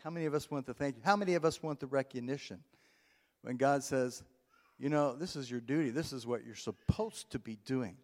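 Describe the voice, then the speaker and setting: A middle-aged male pastor with a medium-pitched, darkish voice preaches a sermon in a church sanctuary. He calls out to the congregation with rising emphasis and amens, and the hall adds a long reverb.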